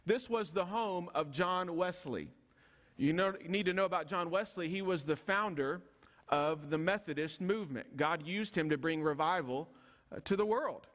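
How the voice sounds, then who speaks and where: A pastor preaches a sermon in a church sanctuary, reading scripture slowly and dropping his voice low and soft whenever he prays. Long church-hall reverb surrounds the recording.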